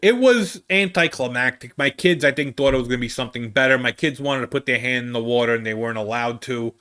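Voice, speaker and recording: A man, a comedian, telling a rambling travel story in an animated, casual way. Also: fast talker, clean tone. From United States. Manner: animated, rambling, with big swings in pitch. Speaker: comedian host.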